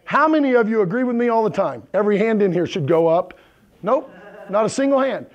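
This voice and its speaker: A man's voice: high voice, animated, brisk, dull audio. A male pastor preaching a conversational sermon to his congregation, often checking in with "right?" and "okay?". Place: church sanctuary with congregation.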